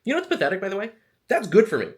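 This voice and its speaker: A man's voice: sits high, wildly swooping pitch, racing, a little hiss or hum. A man talking casually to camera as an author giving advice, chatty and self-deprecating, wandering into asides. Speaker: author and video host.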